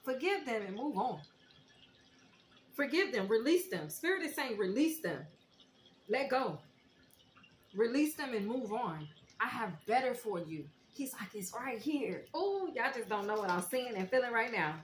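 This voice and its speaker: A woman giving a heartfelt spiritual tarot reading, talking straight to her viewers in a preacherly way and sometimes softly singing. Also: fairly high pitch, animated, measured pace. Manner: emotional, preacherly, breaks into soft song. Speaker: tarot reader. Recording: echoey room with faint noise.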